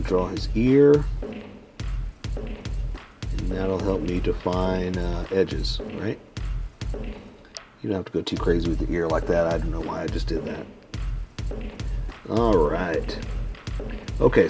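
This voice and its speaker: A man narrating each stroke of a step-by-step drawing lesson, rambling a little with many pauses and fillers. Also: deep voice. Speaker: drawing instructor. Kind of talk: casual step-by-step drawing tutorial.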